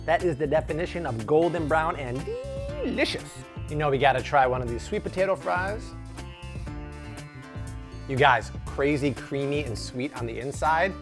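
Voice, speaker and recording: A man's voice: a little high, moderate pace, over music. A man hosting a cooking tutorial in his kitchen, talking to viewers in an enthusiastic, chatty way. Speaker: cooking show host. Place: home kitchen at the stove.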